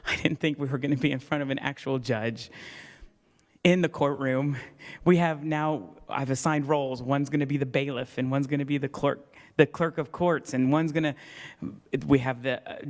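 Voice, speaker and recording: Self-mocking pastor preaching in a reverberant church. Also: male voice, on the high side, normal speed. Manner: storytelling, self-mocking, acts out voices in quotes. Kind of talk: sermon. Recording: long reverb of a church hall.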